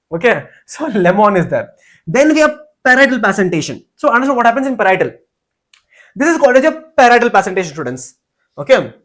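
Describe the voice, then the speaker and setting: A young man teaches an online biology class for exam prep. He repeats each key term several times and keeps turning to his students with questions and memory tricks. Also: extremely high pitch. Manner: repetitive, keeps addressing students, builds mnemonics.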